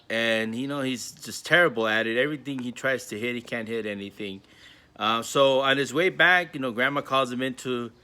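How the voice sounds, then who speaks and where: A school staff member, a man with a medium-pitched, sharp-toned voice, tells a story from home that carries a moral. He sounds casual and earnest, and his speech is full of fillers.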